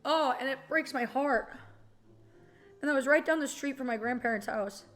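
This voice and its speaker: A woman's voice: sits high, normal speed, fairly bright tone. A young woman streamer from Texas chatting casually and rambling, swearing freely and getting emotional as she talks. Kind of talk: casual chat.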